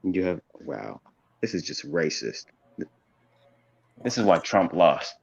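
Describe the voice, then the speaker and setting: A man's voice: sits low, big pitch swings, takes it slowly, creaky, slightly rough. A man calling in to a livestream, trash-talking and boasting in crude joking banter. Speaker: call-in guest on a livestream. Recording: dull lo-fi call audio.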